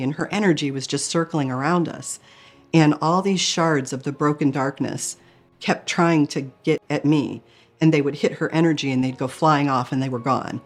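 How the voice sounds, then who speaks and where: A woman from Michigan telling an emotional personal story in earnest, often acting out her own thoughts. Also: low voice. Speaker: near-death experience storyteller.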